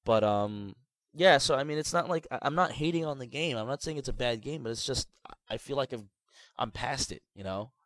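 A man's voice: brisk, no echo. Rambling man in casual game chat. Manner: rambling, many restarts and "like", animated pitch swings. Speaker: podcast co-host. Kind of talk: casual chat about video games.

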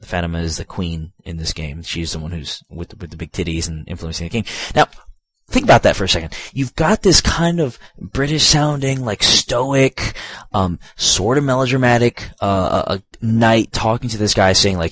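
A man's voice: on the low side, moderate pace, fairly bright tone, no room sound. A man giving a casual, rambling video game review, full of fillers, asides and profanity.

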